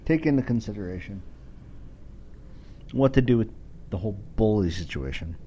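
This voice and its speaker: A man's voice: fairly low pitch, animated, moderate pace, warm tone, a little hiss or hum. A man around forty hosting a podcast, giving a blunt, profane casual monologue. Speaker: podcast host. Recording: dull lo-fi recording.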